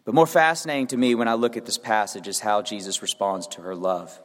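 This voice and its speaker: A man's voice: on the low side, steady tone, brisk. Earnest preacher man in echoing hall. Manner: earnest, building to emphatic peaks. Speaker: pastor. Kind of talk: sermon with scripture readings. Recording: long hall reverb.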